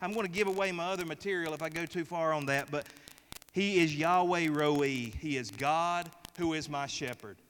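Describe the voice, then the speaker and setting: A man's voice: on the high side, moderate pace, fairly bright tone. A middle-aged male pastor preaching a sermon, emphatic and repetitive as he leads the congregation. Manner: emphatic, repeating phrases, leading the congregation. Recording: reverberant hall with faint noise.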